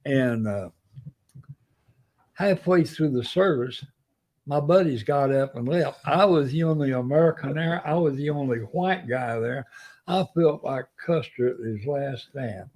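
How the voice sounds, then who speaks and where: Speaking unhurriedly at medium pitch, an older Navy veteran relates a lengthy personal anecdote during an interview. He tells it with energy, acting out others' words.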